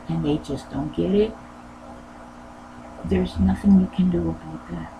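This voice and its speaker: A woman who hosts a sewing channel, talking in a rambling, earnest way and repeating her phrases, with a low voice that she says never goes higher. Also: vocal fry, muffled recording. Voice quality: low voice that does not go higher. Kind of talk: casual personal talk. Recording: noisy background.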